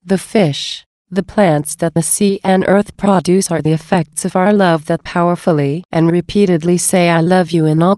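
A woman voicing Jesus as a gentle, loving divine speaker, in a slow, measured devotional reading. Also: lowish voice, dry recording, clean studio sound, lightly acted.

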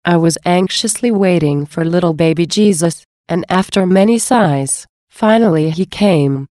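A woman reads a devotional text in a slow, reverent, measured way. Her voice is fairly low and mellow. The recording is close and dry. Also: no room sound. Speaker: reader. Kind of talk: devotional scripture-style reading.

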